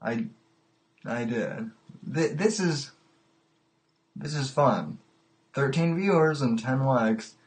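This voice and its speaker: A man hosting a casual livestreamed call-in podcast, talking in a halting way and repeating his words. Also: medium pitch, animated. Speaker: podcast host.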